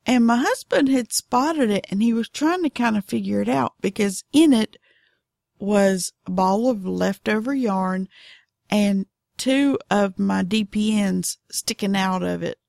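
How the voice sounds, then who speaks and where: Slow, drawling Southern woman podcaster. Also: medium pitch, vocal fry, darkish tone, dry recording, studio quality. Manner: chatty, folksy, drawling. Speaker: knitting podcast host. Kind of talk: casual podcast monologue.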